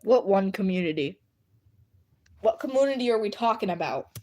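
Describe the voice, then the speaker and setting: A woman's voice: medium pitch, normal speed. A woman streaming from home at her computer, chatting casually with her viewers and often laughing. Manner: giggly and animated, often bursting into laughter. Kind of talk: casual live chat with viewers.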